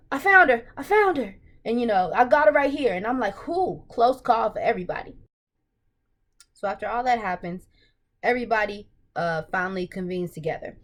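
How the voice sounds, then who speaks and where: A woman casually recapping a TV episode, retelling scenes with excited, acted-out reactions. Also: medium pitch.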